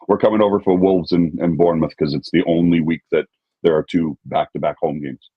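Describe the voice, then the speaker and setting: Casting: low, breathy man, fan story, dull dry lo-fi sound. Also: fairly even intonation, no room sound. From California. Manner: halting storyteller, repeats words. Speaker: guest fan. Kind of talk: casual chat.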